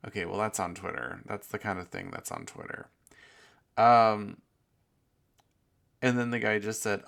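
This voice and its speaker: Gravelly low-voiced man hosting a podcast. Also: sing-song, a little slow, fairly bright tone. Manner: rambling, profane, self-mocking. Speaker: podcast host. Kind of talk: casual solo podcast chat.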